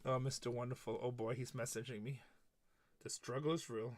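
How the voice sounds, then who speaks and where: A man's voice: mid-range voice, steady tone, fairly quick. A middle-aged man hosting a live card-breaking stream, joking and trash-talking with viewers by name. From Texas. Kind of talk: live stream casual chat while opening cards.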